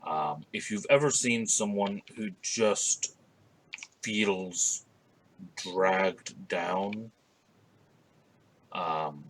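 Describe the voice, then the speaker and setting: A man's voice: low voice, drawn-out words, long pauses, a bit bright, a little hiss or hum, poor audio. A man narrating as game master of a tabletop game, rambling and hesitant, with many fillers.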